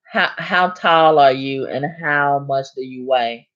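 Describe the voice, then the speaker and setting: Woman streamer, low voice, chatty vernacular host answering chat, muffled lo-fi audio. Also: slow, fairly bright tone. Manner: chatty, reads and answers viewer comments. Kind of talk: casual live stream chat.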